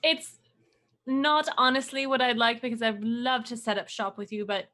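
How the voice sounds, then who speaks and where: A woman's voice: fairly high pitch, steady tone, moderate pace, bright, forceful tone. A woman playing a tabletop game, upbeat and polite. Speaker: player.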